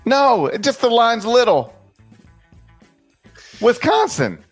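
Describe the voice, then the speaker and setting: Man, put-on Australian accent, lively swooping pitch, playful podcast banter. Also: slow pace, breathy edge, faint music behind. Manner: animated storyteller, playful banter. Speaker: podcast co-host. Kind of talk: casual sports podcast chat.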